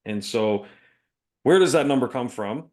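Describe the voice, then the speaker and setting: A man's voice: mid-range voice, animated, unhurried, a little mellow. Chatty man co-hosting a business podcast. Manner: chatty, laughs often, storytelling. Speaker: podcast co-host. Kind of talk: casual business talk.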